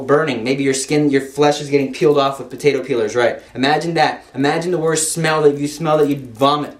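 A man preaching an impassioned sermon, driving his points home with repeated rhetorical questions. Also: on the high side. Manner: emphatic, full of rhetorical questions. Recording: roomy echo.

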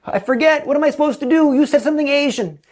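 A man's voice: very high-pitched, fast, voice pushed up. A man voicing his flustered teenage son in a story told during a sermon. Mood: panicked. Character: boy, a teenage son, panicky and confused.

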